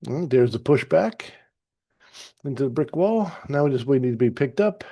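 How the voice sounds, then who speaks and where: A man calmly narrating a trade replay as a trading teacher, easygoing and explanatory with some fillers and restarts. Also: medium pitch, moderate pace, slightly rough. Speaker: trading educator. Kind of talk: narrated chart walkthrough.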